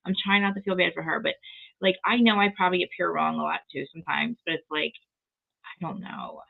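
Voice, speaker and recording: Fast-talking gravelly woman on a tinny call. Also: fairly low pitch, fairly even intonation. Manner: rambling and profane, acts out quotes. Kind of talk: casual reality-TV recap chat. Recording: tinny phone-like call audio.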